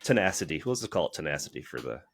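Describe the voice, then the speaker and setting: A man's voice: low-pitched, sing-song, quick pace, gravelly. A man co-hosting a lawn care show who teases the others in casual banter. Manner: teasing and jokey.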